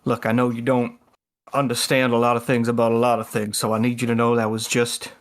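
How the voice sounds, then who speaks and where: A man's voice: medium pitch, completely flat delivery, a little fast, voice pushed down, lightly acted. A man voicing Ledger, a glib, unflappable con man who talks his way out of trouble. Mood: smooth. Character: smooth-talking confident male con man, Ledger.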